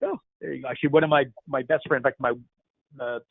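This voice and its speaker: A man's voice: medium pitch, fairly even intonation, fast, gravelly, dry recording. A man hosting a casual Q&A call, playful and rambling, joking with callers. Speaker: host. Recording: tinny phone-like line, dry.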